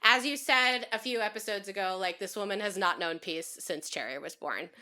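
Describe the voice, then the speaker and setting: A woman's voice: mid-range voice, moderate pace. A woman in her thirties co-hosting a casual recap podcast, joking and laughing as she talks. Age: 30s. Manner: animated, joking, laughs often. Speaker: podcast co-host.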